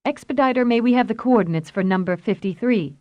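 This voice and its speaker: Woman voicing a brisk, tart team leader. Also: a little high, highs cut off, voice pushed up, lightly acted. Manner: crisp and bossy. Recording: roomy echo.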